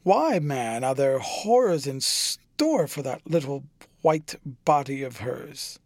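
A man's voice: mid-range voice, big pitch swings, slow pace, dry recording, studio quality. A man reading as anguished older painter Basil Hallward. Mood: pleading. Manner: pleading, horrified. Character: anguished older male painter, earnest friend.

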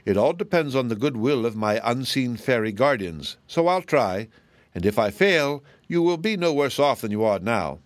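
A man's voice: mid-range voice, lively intonation, normal speed, no room sound, close to an everyday voice. A man voicing a sweet, light-hearted young fairy girl in a storybook reading, speaking modestly and kindly. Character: sweet dancing fairy girl, rainbow's daughter.

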